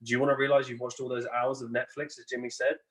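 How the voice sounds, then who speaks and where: A male host of a live stream speaks fast and with encouragement, urging viewers to work on themselves. His pitch is a middle one for a man. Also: flat delivery, fairly bright tone, slightly rough. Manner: encouraging, motivational.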